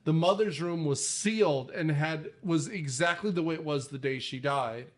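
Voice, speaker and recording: A man hosting a casual movie podcast, animated and jokey, with frequent swearing and asides. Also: fairly high pitch, normal speed. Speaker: podcast host.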